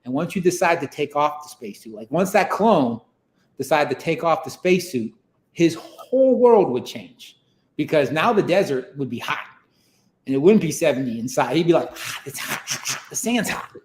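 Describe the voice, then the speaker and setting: Pria bersuara agak tinggi, bercerita santai. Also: male voice, fairly high pitch, animated, normal speed, darkish tone, echoey room. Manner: rambling, many fillers like "like" and "you know". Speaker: podcast guest. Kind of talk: casual storytelling.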